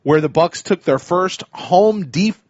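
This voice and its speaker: A man's voice: high-pitched, slow pace, a little mellow, no echo, highs cut off. A man hosting a casual sports podcast, chatty and full of restarts. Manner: chatty, many restarts and fillers. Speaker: podcast host.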